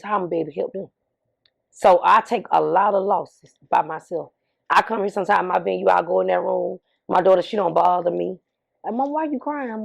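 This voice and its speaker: Speaking with a fairly low voice and vocal fry, a bereaved middle-aged mother gives a candid interview. She is emphatic, frequently repeating points and asking rhetorical questions.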